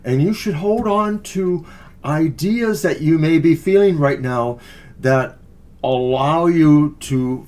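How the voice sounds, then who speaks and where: A man's voice: fairly high pitch, a little mellow. Encouraging man reading tarot cards. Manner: earnest, encouraging, speaks with loose fillers. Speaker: tarot reader co-host. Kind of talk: casual live tarot reading.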